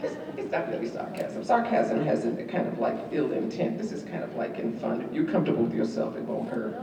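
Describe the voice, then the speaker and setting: A woman's voice: low-pitched, fairly quick, vocal fry, over a noisy crowd. Wry woman speaker in an echoey hall. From New York. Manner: lively, wry, teasing the audience with questions. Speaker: guest speaker. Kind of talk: university lecture to students. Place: large lecture hall. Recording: echoey hall from far off, faint room noise.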